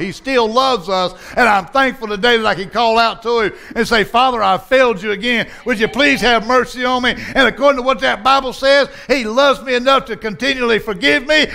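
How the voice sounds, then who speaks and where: Southern preacher guy, high gravelly voice, folksy and bright. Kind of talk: sermon.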